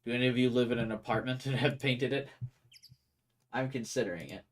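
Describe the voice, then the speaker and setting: A man's voice: medium pitch, a little fast. A young man casually commentating a game and chatting with viewers in a rambling way. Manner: rambling, chatty, talks to chat. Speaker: gaming streamer. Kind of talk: casual let's-play commentary.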